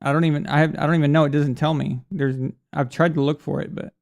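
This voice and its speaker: A man's voice: fairly high pitch, steady tone, quick pace, gravelly, darkish tone. A man hosting a live sports stream in a casual, rambling way, reading out viewer messages. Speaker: sports show host.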